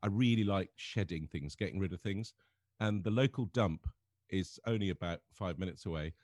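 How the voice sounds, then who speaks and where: An English man telling funny stories in casual chat, animated and often laughing as he talks. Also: low-pitched, normal speed, no echo, studio quality. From England. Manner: animated storyteller, laughs through his stories. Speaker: comedian guest.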